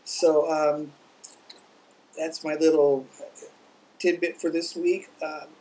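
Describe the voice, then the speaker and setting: A chatty man with a somewhat high voice, talking casually at home as if telling a friend a story. Fillers and little asides run through his speech, and a faint low rumble sits under his voice. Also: level tone, slow pace, darkish tone, rough recording. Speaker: vlogger on internet marketing. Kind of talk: casual talk to camera.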